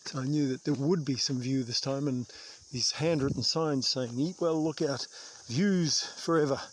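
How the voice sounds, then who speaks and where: Speaking at a moderate pace in a mid-range voice, a New Zealand man vlogs while hiking a long bush trail. He addresses the camera casually and self-deprecatingly, dropping in some mild swear words, with outdoor noise and insects in the background.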